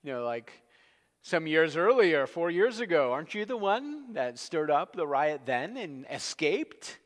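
A man's voice: a little high, big pitch swings, measured pace, voice pushed up. A man voicing a brusque, suspicious male Roman army commander who fires off incredulous questions, recorded in a large echoing hall.

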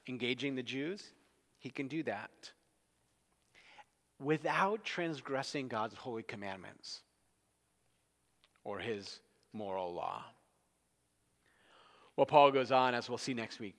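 Animated preacher in a reverberant hall. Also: male voice, mid-range voice. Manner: conversational, storytelling, animated. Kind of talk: expository sermon.

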